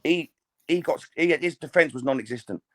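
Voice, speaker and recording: A man's voice: fairly high pitch, brisk, a bit bright. A man co-hosting a casual boxing podcast, chatty, often stammering and restarting his sentences. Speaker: podcast co-host.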